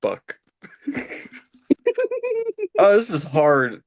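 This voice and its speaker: A man's voice: on the high side, sing-song, extremely slow, no echo. A man co-hosting a podcast in casual wrestling chat, blunt and laughing often, swearing freely. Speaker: podcast co-host.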